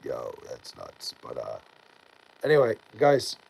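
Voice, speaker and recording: A man talks loosely to his viewers on a late-night stream and sounds tired as bedtime nears. His voice is husky and mellow. He rambles, restarts sentences and fills the gaps with "like". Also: a bass voice, huge pitch swings, slow, poor audio. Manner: rambling, filler-heavy, many "like"s and restarts. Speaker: livestreamer reading chat. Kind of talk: casual late-night livestream chat.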